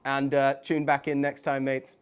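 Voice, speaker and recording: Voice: medium pitch, monotone, moderate pace, slight background noise. A podcast co-host bantering and joking through a rambling sign-off. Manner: playful, rambling, jokey sign-off. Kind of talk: comedic podcast banter, put-on English accent.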